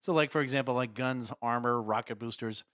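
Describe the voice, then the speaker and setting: A man's voice: mid-range voice, brisk, fairly bright tone, clean tone, no echo, studio quality. A man co-hosting a podcast in casual chat, rambling with many fillers and restarts. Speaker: podcast co-host.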